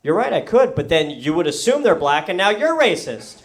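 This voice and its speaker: This young comic from around New York speaks in a higher register at a moderate pace, with a faint hiss or hum under the audio. His club set is a deadpan story peppered with lively impressions of quoted characters.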